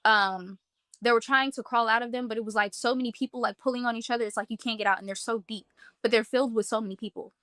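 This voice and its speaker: Speaking fast and in a steady tone, a woman guest shares an emotional personal testimony in the first person, earnest and vivid, with frequent "like" fillers as she casually sets each scene. Her voice is slightly high, bright, and forceful. The audio is close and dry, without any room sound.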